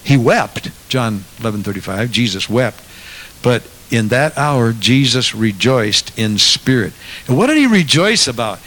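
A man preaching a sermon as a pastor, moving from quiet asides to loud, impassioned passages. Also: mid-range voice, sing-song, unhurried.

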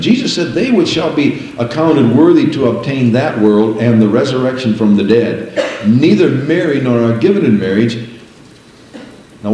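An older man preaching a sermon, breaking into drawn-out, half-sung prayers and praises between his teaching. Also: mid-range voice, dark tone, very echoey, slight background noise, poor audio.

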